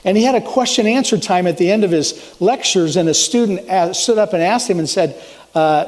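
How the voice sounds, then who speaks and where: High-voiced preaching man. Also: a little fast, a little mellow. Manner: earnest, emphatic, swings up for exclamations. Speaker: pastor. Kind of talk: sermon.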